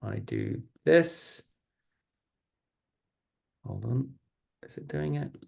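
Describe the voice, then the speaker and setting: A man reading a picture book aloud to children over a video call, gentle and chatty, with playful asides. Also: mid-range voice, drawn-out words, gravelly.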